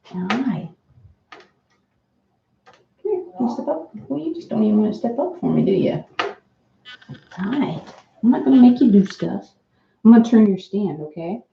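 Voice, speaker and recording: A woman repeatedly coaxes her pet parrot on a home livestream in a sing-song baby voice, breaking off for laid-back chat with her viewers. She has a medium pitch, moderate pace, vocal fry, and long pauses. The room sounds echoey and a bit dull on a basic mic, with slight background noise.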